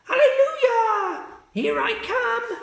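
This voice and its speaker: A man's voice: sing-song, slow, creaky, fairly bright tone, roomy sound, exaggerated voice. A man voicing a screechy, gleeful and bossy old grandmother in a storybook reading. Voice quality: screechy, very high.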